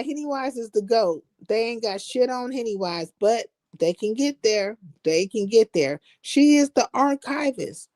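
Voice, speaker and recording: A woman's voice: on the high side, dark tone. A woman chatting on a live stream in blunt, slangy, profane trash talk. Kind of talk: casual chat.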